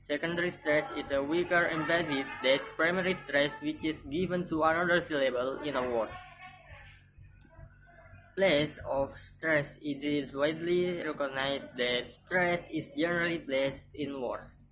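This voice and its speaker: A woman reading a phonetics lesson aloud, carefully and deliberately, repeating example words. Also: low-pitched, a bit bright, soft background music, poor audio. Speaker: student presenter.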